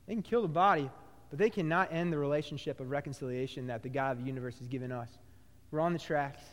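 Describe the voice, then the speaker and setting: A male pastor preaches with a high voice that rings through a hall with long reverb. He swings from loud, excited bursts to hushed, low, slowed phrases. He repeats and restarts his words often as he builds each point. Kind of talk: sermon.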